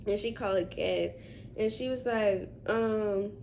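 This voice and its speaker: A woman in her twenties telling a story to her viewers in a vlog, animated and chatty, full of "like" and "y'all". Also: mid-range voice, slow pace, vocal fry, slight background noise. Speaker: vlogger.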